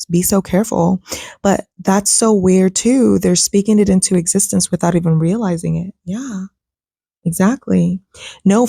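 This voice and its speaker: A woman's voice: on the low side, creaky, mellow, dry recording, clean studio sound. A woman hosting a casual reaction commentary, talking to her viewers in a chatty way. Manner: chatty, addresses viewers as y'all. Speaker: host.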